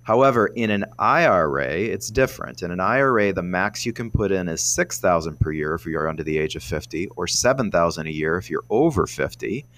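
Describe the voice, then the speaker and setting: A man's voice: low-pitched, expressive, fairly quick, hardly any pauses, a bit bright. A man working as a financial advisor, rambling on as he explains money tips on a radio show.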